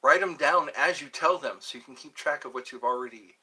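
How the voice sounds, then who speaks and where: A man's voice: a little high, a little fast, bright, forceful tone, recorded from a distance, low-quality recording. A man hosting his own channel, musing aloud in a meandering livestream chat and trying out pickup lines. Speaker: channel host.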